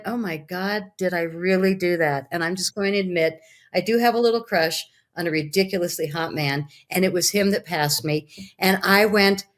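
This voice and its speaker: A middle-aged woman, a guest, telling a personal story in a lively, animated way and acting out her own quotes. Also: medium pitch. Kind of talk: casual storytelling.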